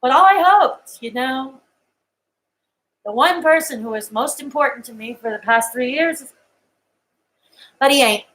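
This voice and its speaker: A woman's voice: high voice, a little slow, long pauses, fairly bright tone, poor audio. A woman on a live stream, crying as she talks to her viewers in a raw, emotional and defensive way. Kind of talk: tearful live-stream monologue.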